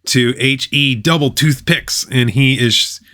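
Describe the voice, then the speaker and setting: A man's voice: medium pitch, slow pace, pushed and bright. A man reading a web page aloud and commenting on it, with sarcastic, mocking asides.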